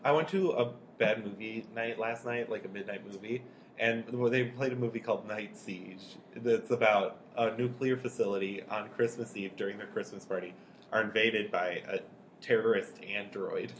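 A man's voice: lowish voice, normal speed, slight background noise. A young man co-hosting a podcast in casual chat, laughing a lot as he tells anecdotes. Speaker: podcast co-host.

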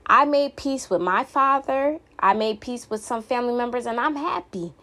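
A woman's voice: on the high side, moderate pace, bright, forceful tone. A young woman hosting her own podcast, talking candidly and emphatically in a casual monologue full of fillers. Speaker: podcast host.

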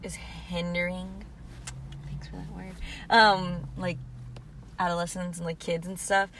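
A woman's voice: on the low side, little pitch movement, a little slow, fairly bright tone, slight background noise. A young woman co-hosting a podcast in casual chat, talking in a valley-girl way and saying "like" constantly. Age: young adult. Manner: valley girl speech, heavy use of "like". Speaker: podcast co-host.

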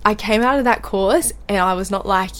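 A young woman co-hosting a podcast in relaxed, casual chat. She tells her stories with plenty of laughs and lively swings in her voice, in a mid-range tone. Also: mid-range voice, normal speed, soft background music. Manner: animated storytelling, laughs often. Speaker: podcast co-host.

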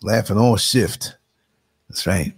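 A man in his sixties with a New York accent hosts a live stream in a relaxed, chatty way. His voice is gravelly, with a husky edge. He tells stories with animation, pitching up when he acts out what other people said. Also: takes it slowly. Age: 60s. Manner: animated storyteller, acts out quotes in a higher voice, laughs often. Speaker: live show host. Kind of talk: casual live-stream chat.

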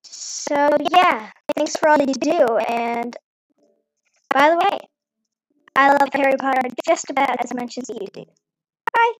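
A woman's voice: high voice, measured pace, pauses often, no echo, rough recording. A woman leaving an enthusiastic voice message for a podcast host. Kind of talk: recorded voice message.

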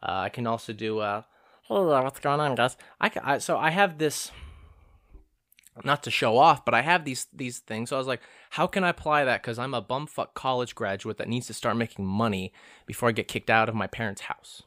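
A man's voice: mid-range voice, fairly quick, a bit bright, no echo, studio quality. A young man in his twenties rambling casually through a self-deprecating, profane monologue as a vlogger.

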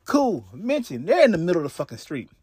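A man's voice: high-pitched, wildly swooping pitch, quick pace, darkish tone, breathy edge, no room sound. A man hosting a podcast, retelling a crime story in a casual, profane way with lots of restarts and asides, on a close mic. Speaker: podcast host.

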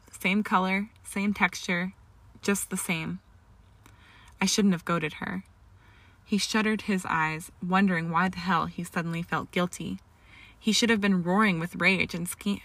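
A woman's voice: on the low side, fairly even intonation, moderate pace, fairly bright tone, no echo. A woman reading a story aloud as narrator, with occasional slips and restarts. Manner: reads dialogue with raised emotion, small slips and restarts. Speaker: fan fiction reader. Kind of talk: audiobook-style story narration.

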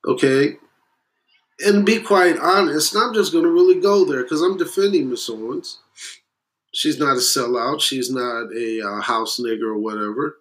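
A man of West Indian heritage delivering a blunt, profane opinion rant, with loud emphatic bursts and muttered asides. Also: mid-range voice, moderate pace. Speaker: commentator.

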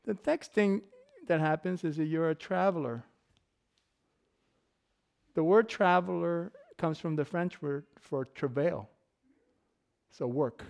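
Joking man preaching, slightly high voice. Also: slow, creaky, long pauses, a little mellow. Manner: casual, joking, laughs often. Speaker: pastor. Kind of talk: sermon with personal stories.

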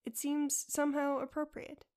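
A woman narrating a story in a soft, quiet and measured voice, sometimes dropping near a whisper. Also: sits high, completely flat delivery. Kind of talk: storybook reading.

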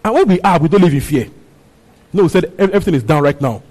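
A man's voice: fairly high pitch, animated, fast talker, a little mellow, poor audio. A man preaching a sermon, repeating his phrases and asking the congregation questions. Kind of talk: sermon teaching on a Bible passage.

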